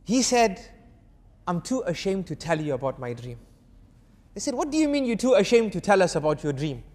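A man preaching to an audience, telling a story and acting out its dialogue with animated shifts of voice. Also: high-pitched, fairly quick, big-room sound. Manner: urges the audience to answer. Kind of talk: storytelling sermon.

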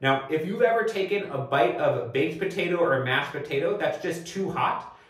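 A man lecturing on medicine in a methodical, step-by-step way, now and then turning to the viewer with questions. His voice sits a little high for a man. He sounds set back from the mic, and the room around him rings with heavy echo. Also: expressive, normal speed, a bit bright, far from the mic. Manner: clear, methodical teaching with rhetorical prompts. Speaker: medical educator.

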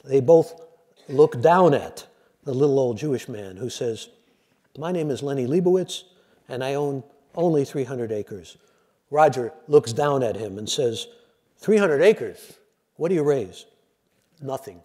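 A man's voice: medium pitch, measured pace, husky. An older man giving a lecture, telling jokes and acting out the voices in them. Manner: animated storyteller, acts out joke voices. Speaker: lecturer and radio host.

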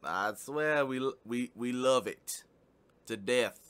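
A man's voice: medium pitch, slow pace, fairly bright tone, smooth. A man with a Southern US accent making laid-back, folksy comments on a comedy clip. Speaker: reaction video host. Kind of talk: casual reaction commentary.

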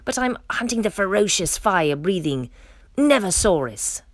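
A woman's voice: medium pitch, very animated, moderate pace, dry recording. A woman voicing a small, brave boy rhinoceros who talks boldly and stubbornly. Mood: determined. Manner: bold, stubborn.

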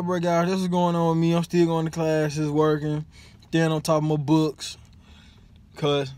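A young man, a college student, chatting casually to the camera, slangy and animated, swearing and then saying sorry. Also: on the high side. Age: young adult.

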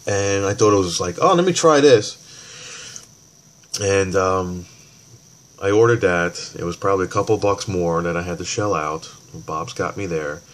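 Guy ranting and cussing, kinda low voice, rambles and restarts a lot. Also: fairly even intonation, normal speed, a little hiss or hum. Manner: heated, swearing, rambling with restarts; acts out both sides of phone calls. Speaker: vlogger ranting about a store. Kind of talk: casual rant.

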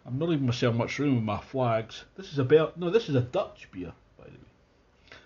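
Scottish man, mid-pitched voice, chatty beer review, enthusiastic, slightly muffled sound. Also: expressive, normal speed, dark tone. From Scotland. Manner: chatty and enthusiastic, thinking aloud with restarts. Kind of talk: casual tasting review.

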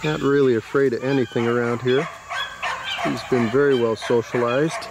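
A dog breeder films the puppies outdoors with a handheld camera, narrating casually in a mid-range voice with fairly even intonation at a normal speed. He sounds proud and fond of the animals as he stands in a yard beside a quail coop. Crickets and insects can be heard in the background.

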